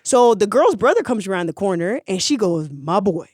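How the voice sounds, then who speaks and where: A podcast storyteller retelling history for laughs, animated, slangy and profane. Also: medium pitch, fairly quick, no room sound, studio quality.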